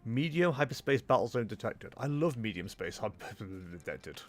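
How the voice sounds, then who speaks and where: A man's voice: medium pitch, sing-song, moderate pace, few pauses, dry recording, soft background music. A man streaming a game, making exasperated, joking asides between the dialogue. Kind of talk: casual gameplay commentary.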